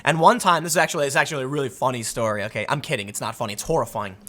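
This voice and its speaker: A man in his thirties giving casual, sarcastic commentary and telling stories in an animated, mocking way. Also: mid-range voice, rapid-fire.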